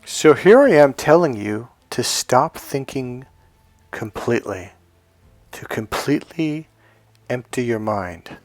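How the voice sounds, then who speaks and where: A man's voice: mid-range voice, big pitch swings, slow pace, no room sound, soft background music. A man coaching other men on dating in an emphatic, blunt monologue, swearing freely as he drives his points home. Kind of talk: motivational monologue to camera.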